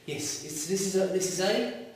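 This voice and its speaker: A man's voice: high voice, moderate pace. Man teaching in an echoey classroom. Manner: lively, asks students questions. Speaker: Arabic teacher. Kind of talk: classroom lecture. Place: classroom with students. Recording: echoey room, mic far off.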